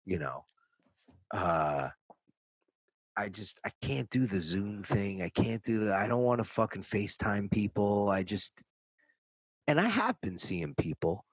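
A middle-aged man from New York on a podcast call, telling a story casually with lots of swearing and animated quoted voices. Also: fairly low pitch, measured pace, long pauses, husky, no room sound. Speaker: podcast co-host. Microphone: remote call.

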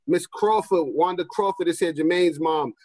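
A man with a high voice hosts a casual video call chat, excited and a little emotional as he rambles through welcomes. The sound is dry and close, with almost no room behind him, as if from a computer or phone mic. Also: normal speed, no echo. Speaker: host.

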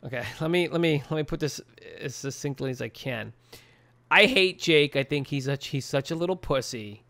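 A man co-hosting a casual podcast, excitable and profane, pitch jumping up when outraged. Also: moderate pace, gravelly. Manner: excitable, swears a lot, swings pitch up in outrage. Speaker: podcast co-host.

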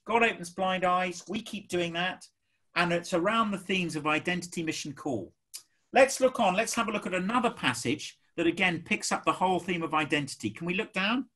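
A man with an English accent preaching a sermon, emphatic and animated, acting out the people he quotes. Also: high-pitched, normal speed.

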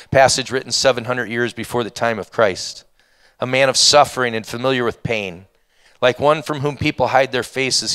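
Smooth-voiced man teaching scripture. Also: mid-range voice. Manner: conversational Bible teaching with scripture readings, animated asides. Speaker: pastor. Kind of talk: sermon.

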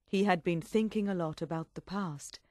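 A woman reading a story aloud in a clear, steady audiobook narration. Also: on the low side, normal speed, no echo, studio quality.

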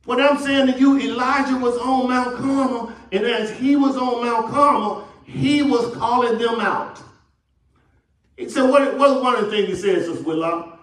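The pastor's voice is extremely high, his pace moderate, as he delivers a sermon in a Texas church captured from a distance with plenty of echo. A Southern American, he draws responses from the congregation with questions and performs the quotes of people in his story.

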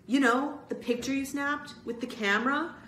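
A woman voicing an excitable middle-school boy who talks in a whiny, insistent way, read aloud in a room with a noticeable echo. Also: high voice, normal speed, slight background noise, pitched above the performer's own voice. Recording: roomy echo.

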